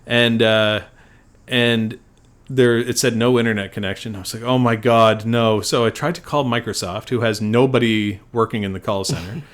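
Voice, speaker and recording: A middle-aged man in casual podcast chat, a doctor who tells exasperated stories. He swears freely and acts out the lines people said to him, in a voice of ordinary pitch. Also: fairly even intonation, normal speed. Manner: swearing storyteller, acts out quotes. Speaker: podcast co-host.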